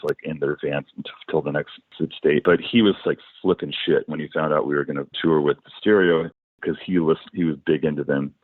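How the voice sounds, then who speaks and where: A middle-aged man with a very low, deep voice recounts tour stories in a loose, rambling way. He starts over often and piles on asides. The sound is dry and squeezed down to a narrow, phone-like band. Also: dry recording. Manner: rambling, animated anecdotes with many restarts. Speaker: musician, guest. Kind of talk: casual storytelling in a podcast interview.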